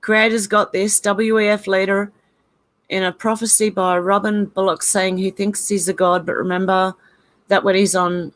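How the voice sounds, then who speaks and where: A woman's voice: medium pitch, flat delivery, normal speed. A woman from Ireland raised in Australia, with an Australian accent, chatting casually and laughing often as she reads out viewer comments. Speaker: channel host reading viewer comments. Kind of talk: casual livestream chat.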